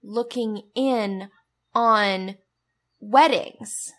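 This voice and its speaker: A woman's voice: medium pitch, extremely slow. A young woman co-hosting a podcast in casual chat, playful and dryly teasing, drawing out words for emphasis. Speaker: podcast co-host.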